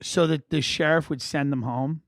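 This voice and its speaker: Male podcast host, high gravelly voice, bright sharp tone, mocking comic riffs. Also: steady tone, moderate pace, no echo. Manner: mocking, loud impressions of others. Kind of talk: comedic podcast banter.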